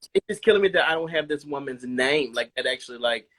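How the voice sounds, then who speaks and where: A man co-hosting a casual podcast chat, telling stories in a relaxed way full of "like" and "um". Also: medium pitch, quick pace. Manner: relaxed, filler-heavy storytelling with frequent "like" and "um". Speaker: podcast co-host.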